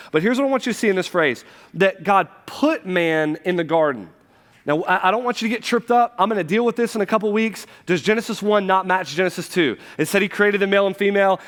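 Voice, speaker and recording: A man in his thirties preaching a sermon to his church, conversational, with quick asides and frequent restarts. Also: high voice, a bit bright. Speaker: pastor. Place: church sanctuary. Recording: long hall reverb from a church.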